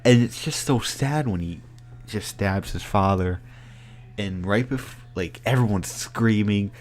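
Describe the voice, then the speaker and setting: A man giving a casual spoken movie review, excited and rambling with many filler words. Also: lowish voice, a little slow.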